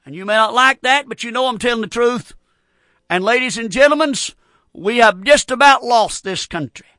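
A man's voice: very high-pitched, moderate pace, bright, forceful tone, no echo, studio quality. A middle-aged man preaching a fervent radio sermon, repeating phrases in a folksy, plainspoken way.

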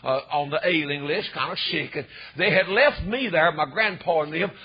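An older man, preaching a fervent storytelling sermon that swells into emphatic shouts. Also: fairly high pitch, normal speed, breathy edge. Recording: dull lo-fi recording.

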